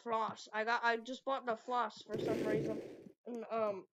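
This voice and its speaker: A woman's voice: fairly high pitch, measured pace. Giggly woman trash-talking through a noisy game. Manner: giggly, excitable trash talk. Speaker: gaming video creator. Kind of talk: playful game commentary. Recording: noisy recording with clicks.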